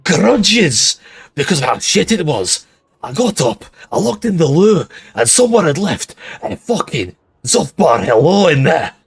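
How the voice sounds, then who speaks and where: A man voicing a grumpy, foul-mouthed male dwarf in a rough attempt at a Scottish accent, ranting in a raised, gruff voice. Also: fairly high pitch, very animated, measured pace, voice pushed up, heavily acted.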